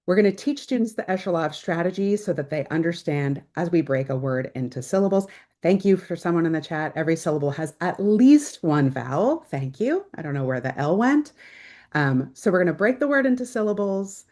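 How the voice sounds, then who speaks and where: A woman's voice: on the low side, lively intonation, fairly quick, darkish tone. A woman presenting a teaching webinar over a video call, explaining steadily with filler ums. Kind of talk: webinar lecture.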